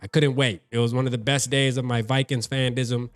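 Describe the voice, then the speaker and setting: A man's voice: medium pitch, little pitch movement, fairly quick, dry recording, faint music behind. Man for a fan-vlog rant: slangy, talks right at the viewer, dry close sound. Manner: slangy, talks straight to the listener. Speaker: sports fan vlogger. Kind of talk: casual fan commentary.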